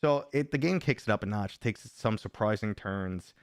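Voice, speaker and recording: A man's voice: lowish voice, animated, moderate pace, no room sound, studio quality. A middle-aged man chatting casually on a live stream, rambling and joking while reading viewers' comments aloud.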